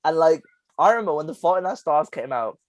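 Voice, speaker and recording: Animated young man, dry mic. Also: a little high, quick pace, no room sound. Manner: animated, rambling storytelling with frequent laughter. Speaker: podcast co-host. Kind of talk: casual chat.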